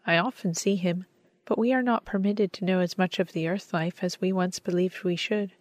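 A woman reading the lines of a young mother who longs for her son, in a soft, pleading tone. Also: fairly low pitch, fairly even intonation, normal speed, dry recording, close to an everyday voice. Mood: longing.

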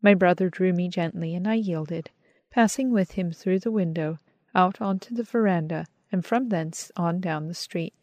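Measured woman reading an audiobook. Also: on the low side, a little mellow, dry recording. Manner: measured and earnest. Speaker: audiobook reader. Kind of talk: scripted first-person narration.

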